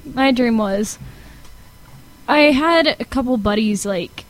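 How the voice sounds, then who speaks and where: A woman's voice: on the high side, slow. A teenage girl in casual chat, prompting her friend with short questions. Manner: brief prompts and agreement. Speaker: co-host.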